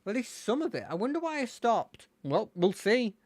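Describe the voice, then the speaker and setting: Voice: medium pitch, sing-song, moderate pace, no echo. A game streamer chatting casually and playfully while playing a fangame, thinking aloud. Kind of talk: casual gameplay commentary.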